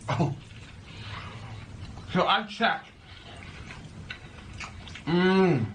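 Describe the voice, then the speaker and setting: A YouTuber man chatting to camera in a lively, playful way, tossing out silly rhymes and repeating words in a sing-song. His voice sits high and swoops widely as he talks. The tone is bright and forward. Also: drawn-out words, slight background noise. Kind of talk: casual chat to camera.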